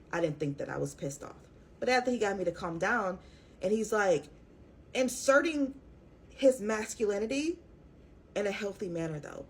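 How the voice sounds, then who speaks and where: A young woman telling a personal story to her viewers in a casual, profane, animated way. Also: medium pitch, breathy edge. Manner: profane, animated, talks straight to her audience. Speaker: tarot reader.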